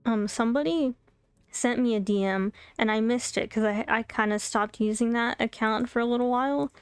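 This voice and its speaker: A young adult woman streamer telling a story in casual chat, animated and chatty, laughing often and bursting into exasperated disbelief. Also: fairly high pitch, moderate pace, smooth. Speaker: VTuber streamer. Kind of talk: casual storytime chat while playing a game.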